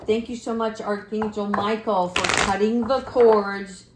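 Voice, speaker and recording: A middle-aged woman giving a spiritual tarot card reading in a gentle, encouraging, affirming way. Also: mid-range voice, fairly even intonation, unhurried, noisy background. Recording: echoey room.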